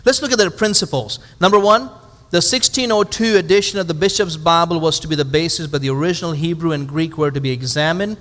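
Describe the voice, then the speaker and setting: A man's voice: on the high side, fast talker, hardly any pauses, a bit bright, in a large hall. A male pastor teaching a Bible study to a live audience in a conversational way, asking rhetorical questions and adding dry humorous asides.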